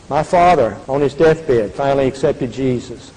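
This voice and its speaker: A man's voice: mid-range voice, expressive, moderate pace, dark tone, slightly rough. An older man giving an earnest faith testimony, speaking with a preacherly, repetitive cadence. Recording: reverberant hall.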